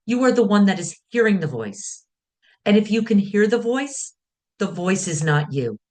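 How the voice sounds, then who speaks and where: Woman, wellness speaker, guided teaching talk, calm, measured, expressive pitch. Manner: calm, guiding, speaks in short measured phrases.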